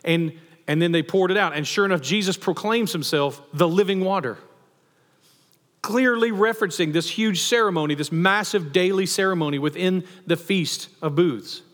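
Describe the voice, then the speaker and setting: Animated preacher in a reverberant hall. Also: male voice, high voice, normal speed. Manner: animated, asks the congregation questions. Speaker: pastor. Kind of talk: sermon.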